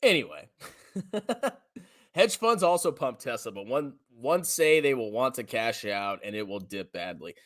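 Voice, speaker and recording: A man hosting a personal finance channel, reading viewer comments aloud in an animated, slangy way and laughing often. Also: medium pitch, unhurried.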